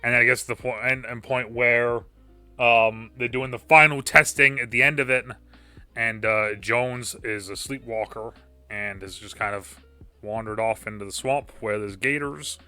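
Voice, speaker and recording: A man co-hosting a casual podcast, recapping a show with plenty of hedging and filler words. His tone is strikingly bright and sharp, at an ordinary pitch for a man. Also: steady tone, a little slow, clear, resonant tone, faint music behind. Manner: filler-heavy, hedging talk with many "like"s. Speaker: podcast co-host. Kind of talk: casual chat.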